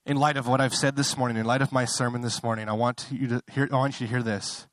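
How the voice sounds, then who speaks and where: With a steady tone and quick pace, a young male pastor speaks on a recording with no room sound. His conversational preaching climbs to impassioned, high-pitched fervor, and he often interrupts himself to apologize.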